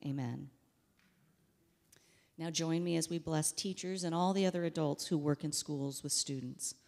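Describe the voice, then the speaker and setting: A woman leading a congregation in a steady, reverent pastoral prayer. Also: low-pitched, moderate pace, gravelly, in a large hall. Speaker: worship leader leading prayer.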